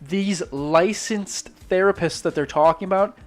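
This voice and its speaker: A man's voice: high-pitched, measured pace, soft background music. Ranting man from Northern Ireland. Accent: muted Northern Irish. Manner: skeptical, ranting, swears a lot; rambling with many restarts. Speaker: streamer. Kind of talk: casual chat while drawing.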